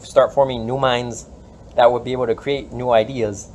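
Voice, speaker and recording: A man's voice: mid-range voice, little pitch movement, darkish tone, a little hiss or hum. A man as a podcast guest, skeptical and gloomy in a casual debate. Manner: skeptical, gloomy, quick-talking.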